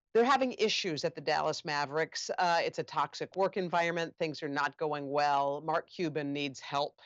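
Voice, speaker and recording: A woman's voice: sits low, no room sound, dull audio. A woman interviewer on stage, reacting with feeling as she asks her questions. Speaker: interviewer, TV co-anchor.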